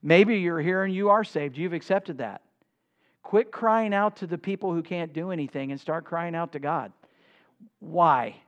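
High-voiced man preaching a sermon. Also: unhurried, a bit bright, highs cut off. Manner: impassioned preaching, quoting scripture in old-style wording. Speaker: pastor.

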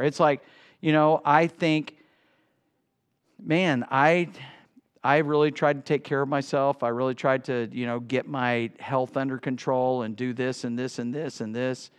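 A middle-aged male pastor preaching a sermon in a church, swinging between loud bursts and hushed asides. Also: on the high side, smooth. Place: church sanctuary.

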